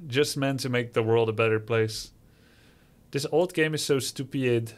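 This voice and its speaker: A man's voice: mid-range voice, unhurried. Sarcastic male streamer reading chat. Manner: sarcastic, mocking, theatrical. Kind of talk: livestream reading chat messages.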